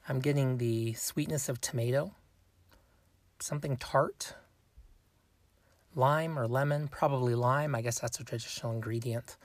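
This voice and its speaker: A man with a slightly husky voice hosts a solo food podcast, talking through tasting notes in an easygoing, thinking-aloud manner. The sound is dry and close, with no room echo. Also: mid-range voice. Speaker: podcast host.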